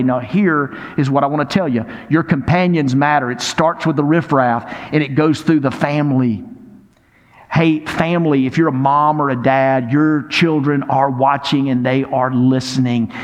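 A man delivers a sermon in a slightly raised pitch, lively and engaging as he prompts his congregation to respond. The long reverb of a large church sanctuary trails behind each phrase. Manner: animated preaching with audience prompts. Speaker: pastor.

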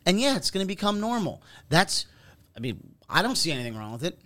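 A man's voice: sits high, very animated, quick pace, fairly bright tone. A man co-hosting a podcast, giving blunt, profane opinions in casual chat. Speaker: podcast co-host.

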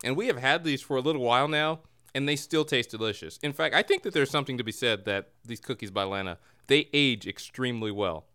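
Male podcast host, smooth and clear, playful mock-announcer manner, home setup. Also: mid-range voice, fast talker, pushed and bright. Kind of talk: casual comedic chat show. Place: home room near a window.

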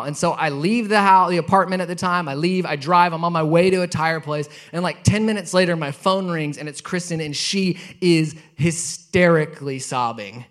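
A man's voice: fairly high pitch, moderate pace, hardly any pauses, fairly bright tone. A man in his thirties preaching a sermon, telling a personal story in a conversational way and building to emphatic points. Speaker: pastor.

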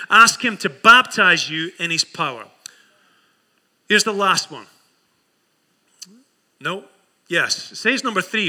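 A man's voice: sits high, bright, forceful tone, big-room sound. A male pastor preaching a sermon in a conversational way, with repeated words, stumbles and asides to the congregation.

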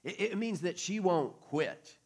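A pastor preaching a conversational sermon, acting out quotes along the way. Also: male voice, high voice, lively intonation, a little slow.

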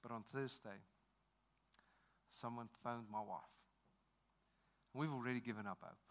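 A man in his thirties with a South African accent preaching a sermon, telling a personal story earnestly and swinging from hushed to loud. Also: mid-range voice, a little slow. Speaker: pastor.

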